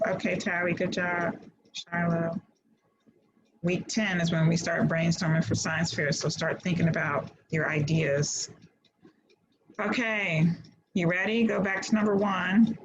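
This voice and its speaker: Slow, patient woman tutoring online. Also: fairly low pitch. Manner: patient, steady, reads answers slowly. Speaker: homeschool class tutor. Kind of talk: online class, reading out answers. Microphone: video call. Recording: dull video-call audio.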